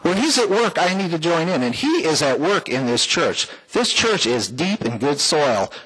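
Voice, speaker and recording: A man's voice: fairly high pitch, sing-song, moderate pace, a bit bright, slightly rough, poor audio. A man giving a folksy, heartfelt personal testimony to a church congregation, with small jokes along the way. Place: church sanctuary, before the congregation.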